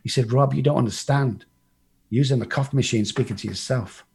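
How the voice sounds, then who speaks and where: This is a man from England recounting his recovery to a group, profane and direct, performing the people he describes. His mid-range voice is brisk, husky and darkish, with audible vocal fry.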